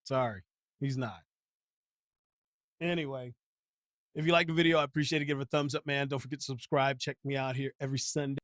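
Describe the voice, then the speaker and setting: A man's voice: medium pitch, fairly even intonation, brisk, pauses often, a bit bright, dry recording, clean studio sound. A man hosting a live stream, ranting bluntly about sports with heavy slang and repetition. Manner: heated, blunt, slangy, repeats himself. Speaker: channel host.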